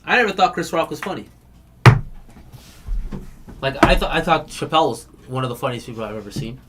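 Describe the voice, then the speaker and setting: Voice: mid-range voice, animated, fairly quick. Chatty card break host, noisy stream. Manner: chatty, laughs often, retells comedy bits. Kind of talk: casual live-stream chat.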